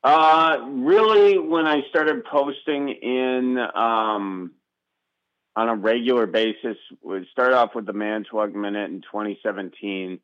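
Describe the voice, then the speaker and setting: A man with a Wisconsin accent, a comedian chatting as a guest in an interview, relaxed and rambling with lots of ums. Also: medium pitch, measured pace, smooth, dry recording, highs cut off. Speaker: guest, comedian and video maker. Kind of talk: casual interview chat.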